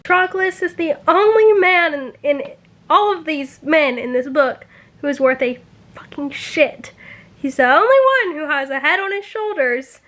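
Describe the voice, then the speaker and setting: A woman's voice: high-pitched, moderate pace, fairly bright tone. A woman talking casually in a reading-reaction vlog, full of "like" and openly emotional about the book, swearing when upset. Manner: chatty, says "like" a lot. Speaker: book vlogger.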